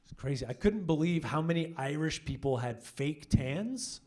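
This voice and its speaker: Brash stand-up, slightly high voice. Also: male voice, normal speed. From Canada. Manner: brash, profane, animated storytelling. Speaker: stand-up comedian. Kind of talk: stand-up comedy set. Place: comedy club stage.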